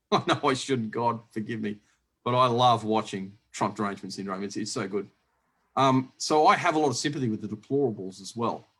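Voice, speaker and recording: A man hosting a casual podcast chat, rambling with lots of restarts and quick laughs. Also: lowish voice, fairly bright tone, slightly rough. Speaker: podcast host. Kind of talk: casual conversational interview.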